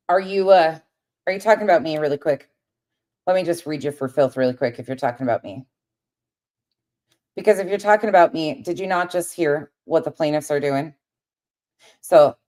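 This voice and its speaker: Woman, lowish voice, livestream host, casual chat, heated, swears a lot, talks to viewers. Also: darkish tone. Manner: paces around while talking.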